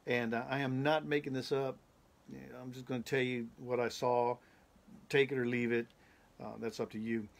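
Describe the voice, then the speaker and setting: A man's voice: mid-range voice, flat delivery, moderate pace, creaky. A male pastor earnestly recounting a prophetic dream, talking emphatically and repeating himself for effect. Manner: emphatic, repetitive, building intensity. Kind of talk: preaching testimony of a prophetic dream.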